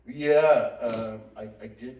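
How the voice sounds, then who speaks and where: A man on a panel reminiscing in a halting way, often restarting his sentences. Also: medium pitch, darkish tone. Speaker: actor on a panel. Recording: roomy hall, distant mic, faint noise.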